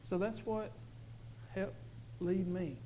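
A man with a fairly high voice telling his own testimony to a church crowd. He talks earnestly, restarting and repeating phrases as he goes. A faint hum sits under him. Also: steady tone, slow, mellow, low-quality recording. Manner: earnest, repetitive, emphatic with stumbling restarts. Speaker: father giving a church testimony. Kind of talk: personal testimony to a congregation.

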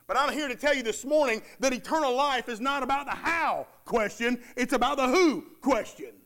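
A man's voice: very high voice, expressive, normal speed, sharp tone. A man preaching a sermon with emphatic, repeating phrases, acting out the words of the townsfolk.

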